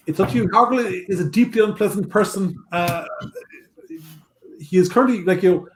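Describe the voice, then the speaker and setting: A man acting as game master in a casual tabletop game over a video call, giving quick rulings with frequent fillers. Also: sits high, a little hiss or hum.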